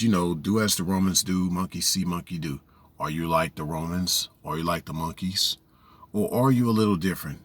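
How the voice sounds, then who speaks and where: A man's voice: deep voice, slightly rough, dry recording. A man giving a preachy casual monologue, often saying "you know what I'm saying". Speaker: vlogger.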